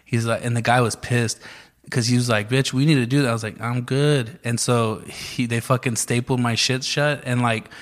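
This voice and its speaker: Man spinning a profane, animated story in casual chat, voicing the people in it. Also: mid-range voice, moderate pace. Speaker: guest telling a story.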